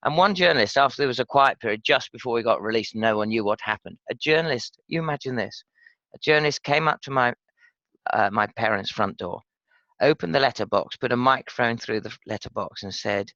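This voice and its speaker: A British man in his fifties, a former pilot telling his story frankly and reflectively in an interview, halting with fillers. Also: medium pitch, pushed and bright, no room sound, dull audio. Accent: British English. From Britain. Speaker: podcast guest, former RAF pilot.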